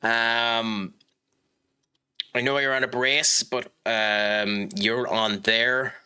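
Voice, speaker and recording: A man streaming a football management game, chatting with viewers in a rambling way and reacting loudly to the match. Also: mid-range voice, little pitch movement, extremely slow, smooth. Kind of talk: live gaming stream chat and match commentary.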